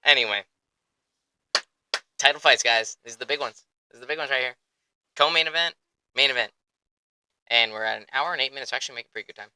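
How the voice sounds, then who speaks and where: A young man hosting a sports podcast in an excitable, rambling, profane way, close to the mic. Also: medium pitch, quick pace, long pauses, smooth, no echo, low-quality recording. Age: young adult. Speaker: podcast host. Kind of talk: casual chat.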